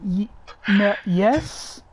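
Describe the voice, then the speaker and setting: A woman's voice: mid-range voice, lively intonation, very slow, darkish tone, slightly rough. A woman teasing her friends with wry remarks while they chat during a game stream. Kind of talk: casual gaming chat with friends.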